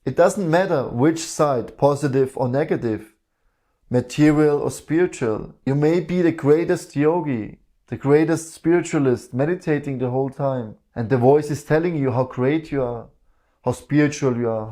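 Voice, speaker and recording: A man with a mellow, warm voice gives a reflective spiritual talk. He speaks calmly and keeps asking rhetorical questions. His pitch sits in the ordinary middle range. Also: moderate pace. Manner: calm, with many rhetorical questions. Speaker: spiritual teacher.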